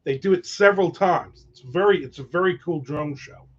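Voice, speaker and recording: Guy rambling and cussing on a home stream, kinda high voice, dull lo-fi audio. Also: moderate pace. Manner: rambling, profane, joking asides. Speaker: author hosting a livestream. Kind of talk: casual livestream chat. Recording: dull lo-fi sound.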